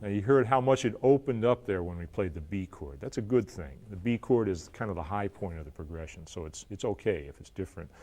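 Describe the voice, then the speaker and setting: A man teaching an acoustic blues guitar lesson, talking in a relaxed way while he plays and counts along. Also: low voice, a little fast, hardly any pauses. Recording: loud guitar under the voice. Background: acoustic guitar playing.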